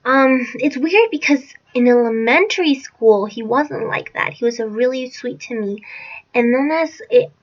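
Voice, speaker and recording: A woman's voice: on the high side, normal speed. A young woman telling a personal story time in a rambling, self-correcting way. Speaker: vlogger. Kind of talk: storytime vlog. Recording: dull lo-fi sound.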